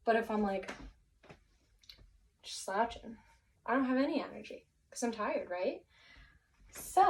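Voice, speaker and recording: A woman's voice: fairly high pitch, darkish tone, far from the mic, poor audio. A woman teaching a vocabulary lesson, encouraging and thinking aloud with many fillers and restarts.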